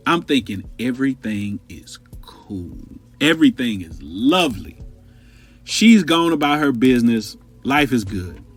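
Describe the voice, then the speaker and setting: A man telling a wild personal story on his podcast, with a husky voice that swings up and down. He talks straight to his listeners, loose and profane. Faint music plays under him. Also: mid-range voice, measured pace. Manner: animated, profane, conversational. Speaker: podcast host.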